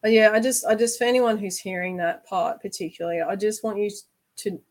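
A woman's voice: medium pitch, brisk, rough recording. A woman hosting a candid conversation, earnest and reflective, often asking "right?". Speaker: host.

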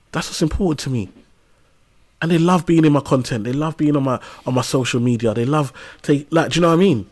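A man in his thirties, talking as a podcast guest. He speaks in an animated, storytelling way, full of casual slang and everyday asides, at a mid pitch for a man. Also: a little fast. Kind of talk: casual conversational interview.

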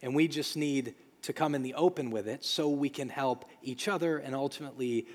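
A man's voice: medium pitch, brisk. A man preaching a sermon as a pastor, earnest and emphatic, repeating phrases for weight. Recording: long hall reverb.

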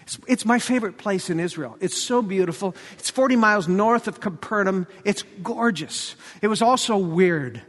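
Male preacher, high bright voice, animated storyteller, long church-hall reverb. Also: normal speed, hardly any pauses. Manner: animated storytelling, acts out quotes, jokes. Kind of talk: sermon.

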